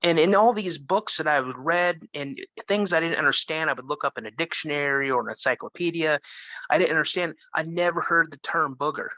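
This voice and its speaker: A man in his fifties, a guest telling a first-person story in an animated way, with frequent restarts. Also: a little high, brisk, no room sound, dull audio. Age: 50s.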